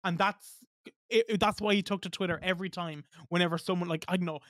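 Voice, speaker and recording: Male guest, high voice, dry close sound, blunt, emphatic, swears freely. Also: fairly even intonation, fast, fairly bright tone, dry recording. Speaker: podcast guest. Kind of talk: casual podcast chat.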